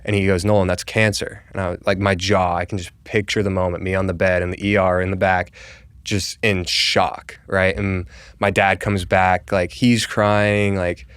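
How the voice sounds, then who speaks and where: A man's voice: sits low, level tone, normal speed, a bit bright, clear, resonant tone, no room sound. A young man from Colorado, a podcast guest, telling a long personal story in casual chat, full of "like" and acted-out quotes. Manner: conversational, full of "like", acts out quoted dialogue. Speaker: podcast guest, real estate agent.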